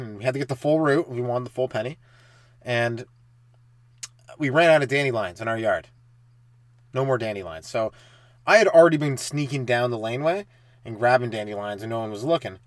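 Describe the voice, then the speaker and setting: A young man from Canada tells rambling stand-up stories on his podcast, swearing freely and suddenly jumping into loud acted-out voices and laughter. His voice sits at an everyday middle pitch. The sound is close and completely dry. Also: dry recording. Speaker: stand-up comedian, podcast host. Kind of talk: rambling comic storytelling.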